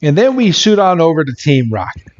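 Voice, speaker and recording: A man's voice: fairly high pitch, very animated, fairly quick, dull audio. A man co-hosting a podcast, recapping an episode in a casual way, swearing freely and laughing often. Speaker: podcast co-host.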